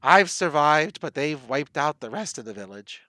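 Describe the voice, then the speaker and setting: A man's voice: big pitch swings, moderate pace, bright, forceful tone, no room sound, studio quality. A man voicing an impossibly old, frail woman hermit who chatters and speaks of herself in the third person. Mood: chatty. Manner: high cooing croak, talks of herself as Nanny.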